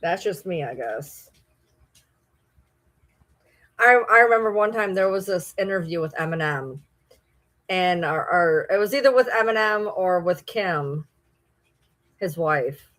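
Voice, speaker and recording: A woman's voice: on the low side, lively intonation, measured pace, long pauses, fairly bright tone. A woman from Michigan with a Michigan accent, chatting casually on a livestream, rambling and answering viewer comments. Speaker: livestream host.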